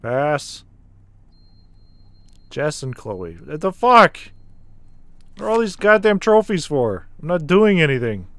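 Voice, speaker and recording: A man's voice: fairly high pitch, sing-song, a little slow, pauses often, no echo. A man streaming a horror game, chatting casually and swearing freely as he reacts with startled exclamations. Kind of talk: casual live-stream commentary while playing a horror game.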